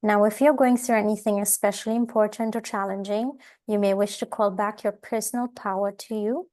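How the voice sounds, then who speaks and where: A woman co-host leading a calm, measured spiritual invocation that asks for protection and guidance. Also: mid-range voice. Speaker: tarot show co-host.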